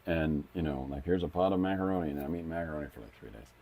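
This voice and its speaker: A man's voice: extremely low pitch, rapid-fire, mellow. A middle-aged man streaming as he draws comics, chatting casually and thinking aloud with frequent restarts. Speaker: comic artist streaming his drawing. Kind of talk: casual live-stream chat while drawing.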